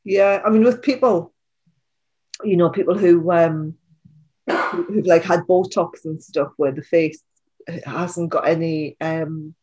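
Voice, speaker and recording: A woman with a Geordie accent and a low alto voice, co-hosting a casual podcast chat, rambling a little and laughing easily at herself. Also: darkish tone, dull audio. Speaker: podcast co-host.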